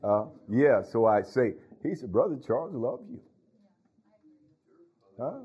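A pastor preaches in a folksy, conversational way, addressing his congregation directly. His voice is husky and sits mid-pitch for a man. The recording is dull and lo-fi. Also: very animated, takes it slowly, mellow. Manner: folksy, talks to congregation, frequent hallelujahs and laughs. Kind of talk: sermon.

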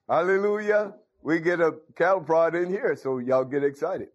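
Older preacher, folksy and rhythmic. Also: male voice, on the high side, animated, normal speed, few pauses. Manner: call-and-response, frequent "huh?" and "thank you, Lord". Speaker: pastor. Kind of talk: folksy sermon. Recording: dull lo-fi recording.

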